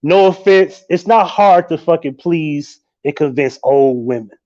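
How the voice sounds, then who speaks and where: A man hosting a live stream, talking in a casual, animated and profane way, often breaking into laughter. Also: fairly high pitch, measured pace, lo-fi sound.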